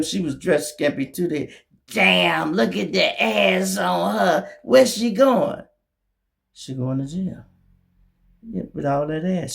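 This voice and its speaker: Male host, gravelly, profane, mocking street commentator. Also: sits high. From Memphis. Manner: blunt, profane, mocking, acts out others' voices. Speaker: show host. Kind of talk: commentary monologue.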